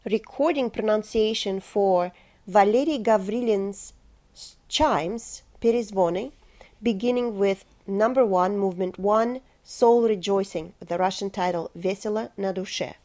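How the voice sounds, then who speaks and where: A woman leads singers through pronunciation practice, speaking at an unhurried pace. She breaks each word into careful syllables and repeats phrases in rhythm. Her voice has a warm, mellow tone. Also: medium pitch. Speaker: choir pronunciation coach. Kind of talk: slow pronunciation lesson.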